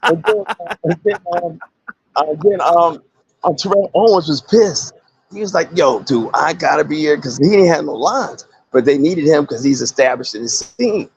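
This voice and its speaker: Gravelly man telling wild anecdotes. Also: fairly high pitch, moderate pace, dry recording, highs cut off. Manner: animated anecdotes, acting out quoted voices. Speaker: actor guest. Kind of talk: casual interview storytelling.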